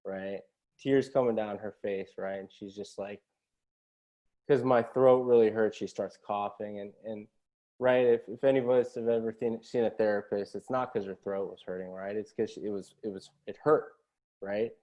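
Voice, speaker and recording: Speaking at a normal pace with a steady, mellow, lowish voice, a man tells a story as a podcast guest. The sound is lo-fi. His casual storytelling is earnest and motivational, and he keeps tagging phrases with a questioning "right?".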